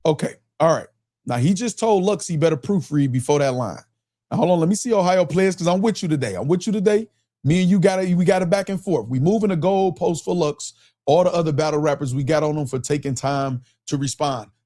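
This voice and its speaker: An animated man with a Michigan accent hosts a live stream, reading the chat aloud and laughing often. His voice sits high for a man, and he asks the same question over and over in loose, casual commentary. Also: brisk. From Michigan, US Midwest.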